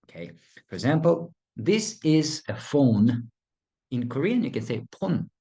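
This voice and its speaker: A man teaching a beginner language lesson in a relaxed, hesitant way with frequent fillers and playful asides. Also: medium pitch, a little slow, slightly rough, dull audio. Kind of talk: casual video lesson.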